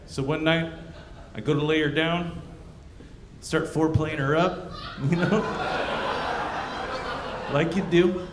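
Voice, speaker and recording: A man doing a profane stand-up comedy set on a comedy club stage, acting out both sides of his stories. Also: on the high side. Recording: roomy club with audience noise. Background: audience laughter.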